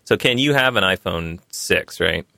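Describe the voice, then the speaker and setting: A man's voice: low-pitched, normal speed, creaky, dry recording. A man hosting a podcast, reading a sponsor spot and chatting casually with guests. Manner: relaxed, chatty, reads sponsor spots conversationally. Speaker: podcast host. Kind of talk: casual tech podcast talk.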